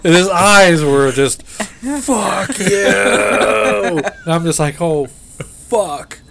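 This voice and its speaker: A man's voice: on the high side, lively intonation, extremely slow, vocal fry, heavy background noise. A man telling a rowdy bar story to friends, swearing freely and acting out the people in it. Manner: profane, acts out quoted voices, laughs often. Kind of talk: casual chat, animated storytelling.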